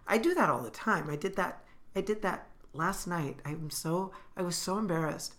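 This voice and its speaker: A woman's voice: lowish voice, normal speed, fairly bright tone. A woman co-hosting a podcast, chatting expressively and self-deprecatingly, often laughing at herself. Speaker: podcast co-host. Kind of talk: casual chat.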